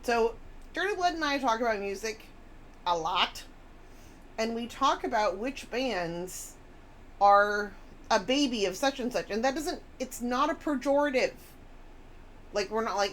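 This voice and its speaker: A woman's voice: a little high, lively intonation, a little slow, slight background noise. A woman chatting casually on a live stream, rambling and reading chat messages aloud.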